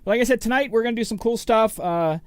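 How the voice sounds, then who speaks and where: A man's voice: very high-pitched, quick pace, clean tone, no room sound. A middle-aged man hosting a DJ livestream, chatting casually and rambling as he greets viewers by name. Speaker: DJ and show host.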